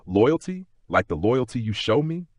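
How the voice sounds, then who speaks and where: A wary young heiress duchess, earnest and guarded, voiced by a man lifting his pitch a little. The voice is husky and close, with a lively rise and fall. It belongs to a storybook reading. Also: normal speed, no echo. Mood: defensive.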